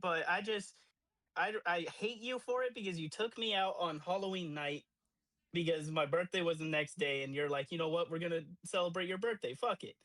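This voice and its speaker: High-voiced man telling a profane story. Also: a little fast, no echo, rough recording. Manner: profane, animated storytelling with acted-out quotes. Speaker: podcast co-host. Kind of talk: casual storytelling.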